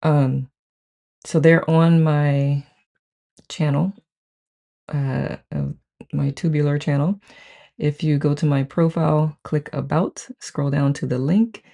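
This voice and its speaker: Speaking slowly with frequent pauses, this gravelly, mellow, medium-pitched voice holds fairly even intonation. The speaker, host of a live book-study group, chats casually on a live stream, greeting each viewer by name and reading the chat aloud in a gushing way, with many an "I love it."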